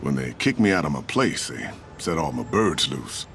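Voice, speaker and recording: An actor playing a weary older homeless man who keeps pigeons, speaking in a tired, gentle way. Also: rumbling low, very animated, normal speed, slight background noise, exaggerated voice. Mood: downcast.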